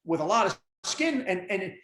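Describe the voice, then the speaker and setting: A man in his fifties talks as a podcast guest. He is blunt and emphatic, and he delivers tough love without softening it. His voice carries a noticeable room echo. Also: high voice, sing-song, moderate pace, a little hiss or hum. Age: 50s. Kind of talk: casual interview talk.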